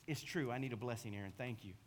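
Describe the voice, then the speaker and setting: A middle-aged man preaching as a pastor, telling a self-mocking story in an animated way. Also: medium pitch, fast, slight background noise. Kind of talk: sermon.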